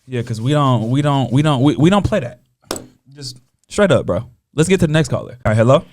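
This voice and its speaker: A man's voice: mid-range voice, expressive, a little fast, darkish tone. A young man hosting a call-in podcast, talking in a laid-back, slangy, teasing way. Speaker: podcast host. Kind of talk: casual call-in chat.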